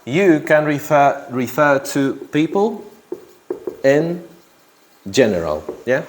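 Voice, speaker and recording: A man's voice: medium pitch, lively intonation, slow pace, pauses often. A man teaching an English grammar lesson to a class, who repeats key phrases and often checks in with "yeah?".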